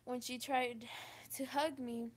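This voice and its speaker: A woman telling a personal story to camera, halting and emotional, with many restarts. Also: high-pitched, level tone. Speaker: vlogger. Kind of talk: confessional storytime.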